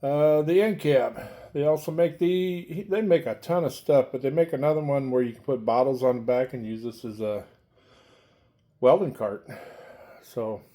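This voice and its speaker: Guy slowly talking through a build in his cramped shop, offhand and breathing heavy. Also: on the high side, mellow. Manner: rambling, offhand, unpolished. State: breathing heavily. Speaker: DIY tool vlogger. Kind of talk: casual workshop narration. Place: cramped home workshop.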